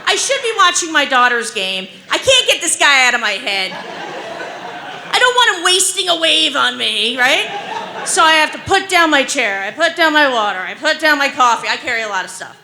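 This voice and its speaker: Female stand-up in her forties, bright higher voice, rambling and filler-heavy, anxious self-mocking humor. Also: big pitch swings, moderate pace, some chatter behind, slight background noise. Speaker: stand-up comedian. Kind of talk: stand-up storytelling.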